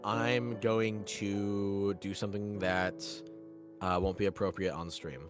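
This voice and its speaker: Man, fairly low voice, teasing gaming banter, faint background music. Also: flat delivery, slow pace. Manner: laughing, teasing, lots of filler words. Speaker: Minecraft server player. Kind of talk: casual gaming chat.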